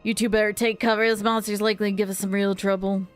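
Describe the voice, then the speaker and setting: A woman voicing a gruff adult male game character, giving lowered, brisk orders. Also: little pitch movement, faint music behind, natural voice.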